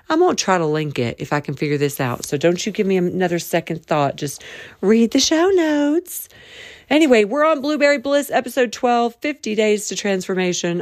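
A woman's voice: on the low side, a little mellow, dry recording, clean studio sound. A woman hosting a faith podcast from her bed at night, chatting casually, rambling and correcting herself as she speaks straight to her listeners. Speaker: podcast host.

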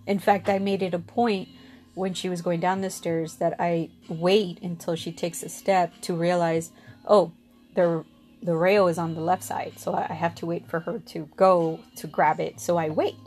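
A woman's voice: on the low side, little pitch movement, normal speed, a little mellow, faint music behind. A middle-aged woman candidly recounting childhood memories in a rambling, casual way. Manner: candid, rambling with restarts and fillers. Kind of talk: personal storytelling.

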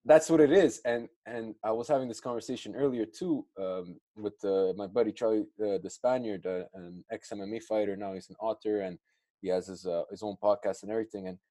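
A man's voice: lowish voice, steady tone, a little fast, mellow. A man in casual podcast chat, earnestly telling a weight-loss story and giving motivational advice.

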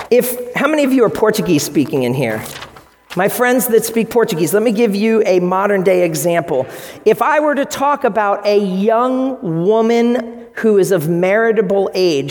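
A man preaching a sermon as pastor, energetic and playful, speaking directly to the congregation. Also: high voice. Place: church sanctuary. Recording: long reverb of a large hall.

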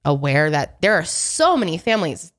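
A woman's voice: low-pitched, sing-song, moderate pace. A young woman co-hosting a podcast, chatty and recounting a story in casual conversation. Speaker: podcast co-host. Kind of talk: casual chat.

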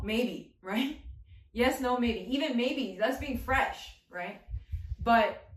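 Slangy, animated woman preaching in an echoey room. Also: on the high side, slight background noise. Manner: slangy, animated, jokey, talks to the audience. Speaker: youth preacher. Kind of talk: casual sermon.

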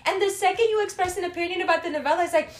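A woman's voice: very high-pitched, racing, echoey room. A woman chatting casually, telling stories with swearing and frequent laughter. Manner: animated, profane storytelling with frequent laughter. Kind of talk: casual chat.

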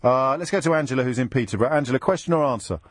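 A man hosting a live radio phone-in show, bantering quickly and teasingly with callers. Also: medium pitch, dry recording. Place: radio studio. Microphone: studio microphone.

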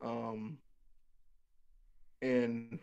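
A man's voice: mid-range voice, flat delivery, extremely slow, vocal fry, a little mellow, clean tone, dull audio. A young man telling a rambling, profane comic story about his own life, laughing as he goes.

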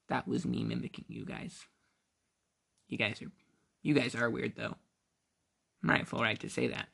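An American podcast host from the United States rants casually on his own, joking and drifting into tangents as he sidetracks and interrupts himself. His mid-range voice moves at a moderate pace with vocal fry and frequent pauses, sounding fairly bright and slightly rough.

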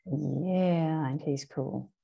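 A woman's voice: sits low, extremely slow, creaky, warm tone, breathy edge. A woman from Denmark with a Danish accent, co-hosting a podcast in casual, chatty talk and laughing often. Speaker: podcast co-host. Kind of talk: casual chat.

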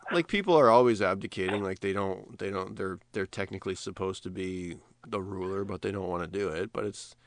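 A man co-hosting a podcast in casual chat, telling stories in a rambling, animated way with many restarts. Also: low-pitched, brisk, few pauses, no echo. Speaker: podcast co-host.

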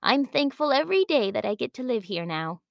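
A woman voicing a kindly older woman neighbor in a storybook, gentle and welcoming. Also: a little high, sing-song, brisk, vocal fry, no room sound, studio quality.

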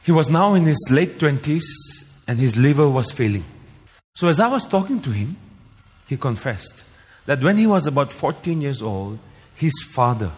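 A man's voice: mid-range voice, a little mellow, breathy edge. A man from Northeast India preaching a sermon as a pastor, emphatic, repeating key lines with rising force. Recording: long hall reverb.

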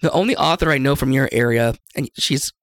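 A man's voice: mid-range voice, brisk, fairly bright tone. A man from the Seattle area hosting a casual interview, joking and self-deprecating. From Seattle area, USA. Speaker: podcast host.

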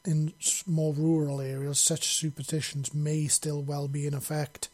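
A man's voice: fairly high pitch, level tone, normal speed, a little mellow, lightly acted. A man reading an audiobook, voicing a deferential serpent-folk courtier who explains things formally.

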